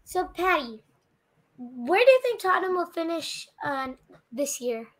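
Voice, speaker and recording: A woman's voice: extremely high pitch, big pitch swings, unhurried. A woman co-hosting a podcast, eager and playful with her questions. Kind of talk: casual podcast chat.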